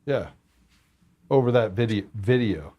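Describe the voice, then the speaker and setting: A man's voice: lowish voice, animated, unhurried, lo-fi sound. Blunt, heated man on a podcast. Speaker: guest. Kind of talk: casual chat.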